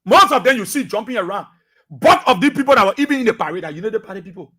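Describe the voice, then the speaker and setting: A Liberian man with a strikingly high, bright, forceful voice delivers fiery radio talk-show commentary. He preaches at his listeners, repeating short phrases again and again to drive each point home. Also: big pitch swings, very fast, breathy edge. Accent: Liberian English.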